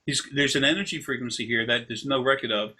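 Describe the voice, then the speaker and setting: A man with a bright, forward tone talks loosely over a video call. He rambles as an energy healer, wandering off into long stories with easy, conversational explanations. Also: mid-range voice, fast talker, slightly rough. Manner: rambling, drifting into long anecdotes. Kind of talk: casual explanation during a session.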